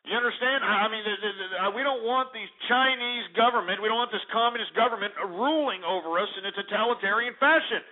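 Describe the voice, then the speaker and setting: A man's voice: high-pitched, quick pace, hardly any pauses. Angry profane male radio host. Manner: angry, profane, shouting insults. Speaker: radio talk show host. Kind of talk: call-in radio rant. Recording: tinny phone-like radio broadcast.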